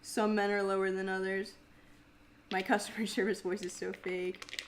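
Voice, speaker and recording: A woman's voice: flat delivery, moderate pace, a little hiss or hum. A young woman hosting a casual livestream in a mumbly, grumbly voice, chatting, swearing freely and laughing often. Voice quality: mumbly, grumbly low speaking voice. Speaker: livestream host and singer. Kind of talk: casual livestream chat reading viewer comments.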